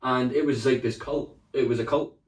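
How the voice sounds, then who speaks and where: A man's voice: medium pitch, steady tone, normal speed, recorded from a distance. A man co-hosting a comedy podcast, telling rambling stories with a lot of laughter. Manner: rambling storyteller, laughs a lot, shouts when mimicking. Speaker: podcast co-host. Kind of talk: casual comedic chat. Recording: roomy sound, speaking away from the mic.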